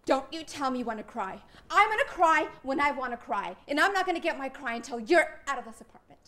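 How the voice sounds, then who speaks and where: A young woman acting as an impulsive newlywed wife in a stage play, swinging between loud outbursts and hushed lines. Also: high voice, very animated, fairly quick, a little hiss or hum. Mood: heated. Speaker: wife Corie.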